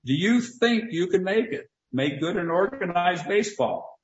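Preacher putting on a hard-driving baseball boss, pushy and confrontational, voice jumps higher when he presses, roomy and kinda dull sound. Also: expressive, moderate pace. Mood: probing. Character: forceful older male baseball executive, cigar-chewing. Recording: roomy, slightly dull recording.

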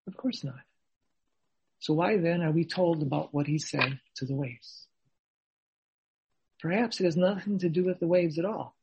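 Guy preaching, real husky voice, earnest, asks the congregation questions. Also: on the high side, a little mellow, rough recording. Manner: measured, earnest, poses questions to listeners. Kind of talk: sermon.

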